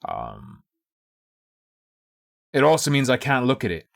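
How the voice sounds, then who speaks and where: Man, live streamer, casual rambling chat, profane, animated intonation, dry close sound. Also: medium pitch, slow, gravelly, no room sound. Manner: rambling, profane, thinks aloud. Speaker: livestreamer.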